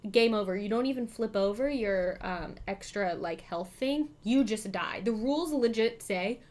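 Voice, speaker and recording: A woman's voice: mid-range voice, moderate pace, a little mellow. A woman hosting a live board game stream, chatting, thinking aloud about her moves and thanking her chat. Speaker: streamer host.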